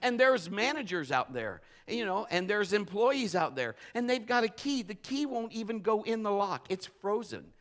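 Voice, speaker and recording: Guy preaching a testimony, high bright voice, goes from yelling to quiet storytelling. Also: normal speed, hardly any pauses. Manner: animated, swings from shouting to hushed storytelling. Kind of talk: sermon with personal testimony.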